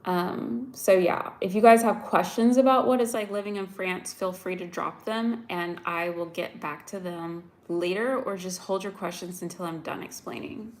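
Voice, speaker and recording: A young woman from the United States telling viewers a story in a chatty, animated way, full of "like"s, upset and close to tears. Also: fairly low pitch, normal speed, few pauses. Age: young adult. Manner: chatty, animated, many "like"s, addresses viewers directly. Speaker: vlogger. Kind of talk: casual storytelling to live viewers.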